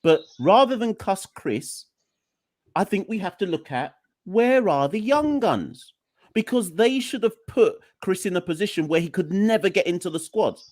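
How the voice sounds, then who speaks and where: A man's voice: high voice, lively intonation, moderate pace, darkish tone, no echo, studio quality. A man hosting a cricket podcast, speaking in an emphatic, exasperated way and talking straight to his listeners. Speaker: podcast host. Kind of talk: opinionated cricket podcast rant.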